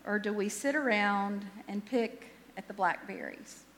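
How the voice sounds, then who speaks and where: A woman's voice: medium pitch, a little slow, fairly bright tone, big-room sound. A woman pastor giving a sermon in a conversational, self-deprecating way, often restarting her sentences.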